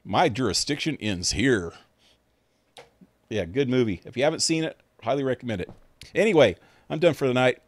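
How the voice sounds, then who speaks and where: A man's voice: medium pitch, animated, fast, a little mellow, dry recording. A man streaming a game, chatting casually in a laid-back, rambling way with some swearing. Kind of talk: casual chat.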